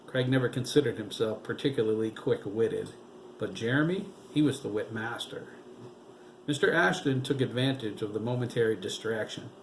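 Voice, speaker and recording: Male narrator for a novel reading, steady, mid-range voice. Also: mid-range voice, slight background noise, rough recording. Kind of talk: audiobook reading.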